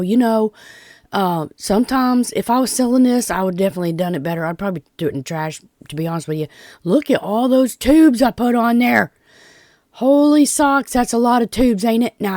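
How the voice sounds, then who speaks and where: A woman's voice: mid-range voice, darkish tone, dry recording. Southern woman, casual craft chat, stuffy-nosed, breathless, dry close sound. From Tennessee. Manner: chatty, folksy, self-deprecating. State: congested from pollen, short of breath. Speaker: DIY vlogger.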